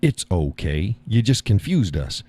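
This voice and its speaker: A man's voice: deep voice, very animated, measured pace, dark tone, dry recording. A man hosting a live stream, chatting casually and reading the chat, folksy and easygoing, often repeating his own phrases.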